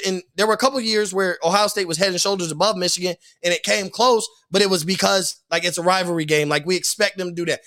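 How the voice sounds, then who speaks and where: A young man in casual sports podcast chat, animated and repetitive, saying "like" and "bro" a lot. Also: high-pitched. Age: young adult. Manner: animated, repeats himself, says "like" and "bro" a lot. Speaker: podcast guest.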